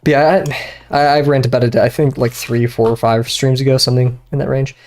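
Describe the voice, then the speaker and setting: A man's voice: medium pitch, little pitch movement, fairly quick, darkish tone. A young man streaming from his bedroom, chatting loosely while he draws, rambling with fillers, restarts and frequent laughs. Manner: rambling, easily distracted, many fillers and restarts, laughs often. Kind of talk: casual chat while drawing. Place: bedroom at home.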